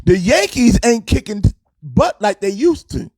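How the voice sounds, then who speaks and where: A man's voice: high voice, big pitch swings, unhurried, darkish tone, husky, no room sound. A man hosting a casual sports talk show, fired up and preachy, with a sing-song delivery.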